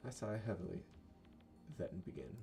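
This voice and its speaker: A man reading a visual novel aloud, narrating in a brooding, low-key first person. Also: expressive, normal speed, vocal fry, over music.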